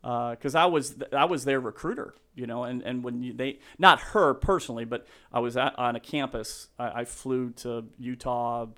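A man in his fifties telling stories in a casual interview, rambling and animated, acting out quotes in a high yell. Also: moderate pace, few pauses. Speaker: guest.

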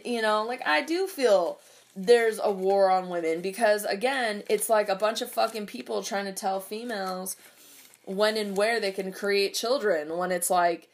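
Young woman venting, swears a lot, rambling with fillers, casual rant. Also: medium pitch. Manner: profane, rambling, lots of fillers.

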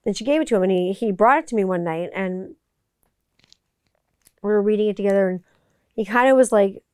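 A woman's voice: mid-range voice, a little fast, darkish tone, clean tone, no room sound, studio quality. A woman hosting a podcast in a casual, rambling monologue, full of "like" and "you know.". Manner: rambling, filler-heavy. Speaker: podcast host.

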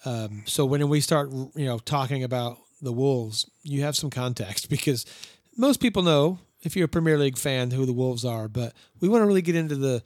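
A man's voice: mid-range voice, animated, normal speed, hardly any pauses, dry recording, studio quality. A young man co-hosting a podcast, chatting casually and enthusiastically, rambling and laughing often. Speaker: podcast co-host. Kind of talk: casual chat.

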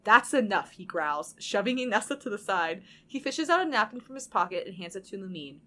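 A young woman podcast co-host narrating fan fiction aloud, with animated bursts when reading dialogue. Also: medium pitch, a little fast.

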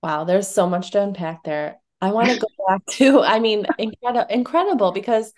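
A woman's voice: medium pitch, moderate pace, darkish tone. A woman hosting a podcast, reflecting on her guest's story before asking a follow-up question. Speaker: podcast host. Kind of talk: conversational interviewing.

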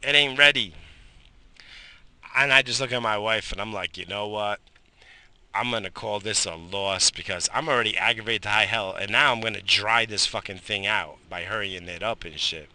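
A man in his thirties hosts a morning show in a low but very bright, sharp-edged voice. He rants with lots of swearing and stops for coughs and sighs. He talks outdoors while smoking in the morning. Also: normal speed. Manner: profane, animated ranting with frequent coughs and sighs. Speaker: host of a morning radio show. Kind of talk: casual rambling monologue.

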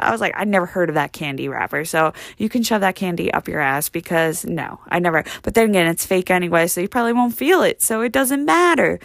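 A woman's voice: lowish voice, lively intonation, quick pace, creaky, hardly any pauses, no room sound. Woman, young adult, brash profane rant, rambling fillers, dry close mic, no room sound. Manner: brash, rambling, heavy on "like" and "you know". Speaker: comedic monologue performer.

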